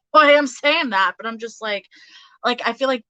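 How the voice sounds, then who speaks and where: A woman's voice: fairly high pitch, measured pace, bright, forceful tone, no room sound, lo-fi sound. A woman giving a casual tarot reading, chatty, with many fillers and frequent laughter. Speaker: tarot reader.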